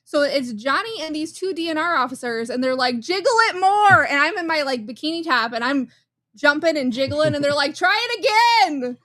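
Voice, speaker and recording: A woman's voice: sits high, brisk, a bit bright, no room sound. A woman co-hosting a live show, telling a story in brassy, self-mocking casual chat.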